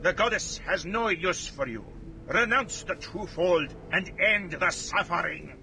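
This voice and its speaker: A cruel torturer, drawls his taunts in a put-on German accent, each word stretched out slowly. His voice sits fairly high and menacing. Clear background noise runs under this game audio. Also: expressive, pushed and bright, heavily acted, rough recording. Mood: taunting. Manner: slow, taunting, sneering. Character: menacing male torturer of a dark cult. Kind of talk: video game voice acting.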